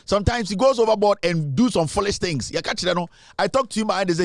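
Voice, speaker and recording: A Ghanaian man hosting a casual chat, mixing English and Twi, animated and at times drawn out and soothing. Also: sits high, quick pace, no room sound, studio quality. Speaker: host.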